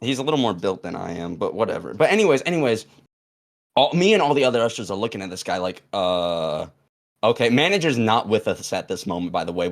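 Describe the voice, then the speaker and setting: A young man casually telling a long story on a podcast, rambling with fillers and restarts and acting out the quoted lines. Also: fairly low pitch. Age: young adult.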